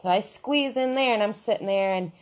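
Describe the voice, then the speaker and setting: A woman on a podcast telling a story about herself in casual chat, animated and self-mocking, swearing freely. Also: mid-range voice, a little fast.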